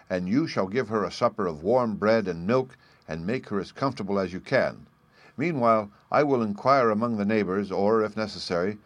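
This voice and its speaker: No-nonsense dad in a storybook, firm and loud-ish man reading it. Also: on the low side, dry recording, lightly acted. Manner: brusque and firm. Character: hearty, common-sense father, half vexed.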